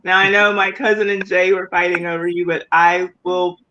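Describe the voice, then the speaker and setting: Man, co-host, laughing, repeats himself, high bright voice, dull audio. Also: flat delivery, moderate pace, a little hiss or hum. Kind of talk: casual chat.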